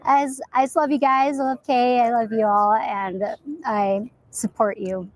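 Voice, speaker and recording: A woman in her forties being interviewed on the street, speaking softly and haltingly with frequent ums. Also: a little high, flat delivery, low-quality recording. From Arizona, US. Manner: soft, hesitant, with frequent ums. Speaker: interviewed trial spectator.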